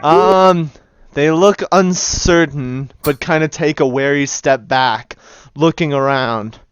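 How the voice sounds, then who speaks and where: A man's voice: fairly high pitch, takes it slowly, clean tone, no echo, lo-fi sound. A man narrating as game master of a tabletop game, casual and laughing often. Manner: casual, laughing, voices many figures.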